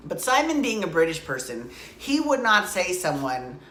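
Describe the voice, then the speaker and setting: Low-voiced woman rambling through a soap recap, echoey room, a little hiss. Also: very animated, moderate pace, fairly bright tone. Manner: chatty, opinionated, trails off into asides. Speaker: soap opera recap vlogger. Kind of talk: casual chatty recap.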